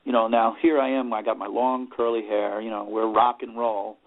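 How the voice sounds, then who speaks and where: A man's voice: on the low side, flat delivery, moderate pace. A middle-aged man from New York, an interview guest and rock singer, telling stories in a loose, rambling way and filling gaps with "you know". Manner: rambling, leans on "you know", acts out quoted voices. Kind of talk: casual storytelling interview. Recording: tinny phone-like sound.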